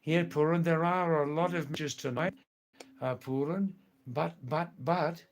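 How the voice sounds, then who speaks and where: An older man with an Australian accent hosting a live stream, answering viewer messages one by one in an unhurried way and often repeating his words. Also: a little high, fairly even intonation.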